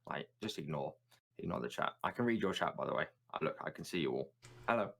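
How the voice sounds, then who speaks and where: A man's voice: rumbling low, animated, fast, vocal fry, fairly bright tone. Chatty man in his thirties. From southern England. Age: 30s. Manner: chatty, self-mocking, repeats words. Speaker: guest streamer. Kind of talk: casual chat on a live stream. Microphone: remote call.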